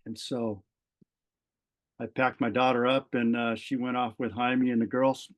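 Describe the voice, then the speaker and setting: A middle-aged man from Southern California, a retired fire captain, telling a personal story as a podcast guest in an earnest, halting way and often repeating words. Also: mid-range voice, flat delivery.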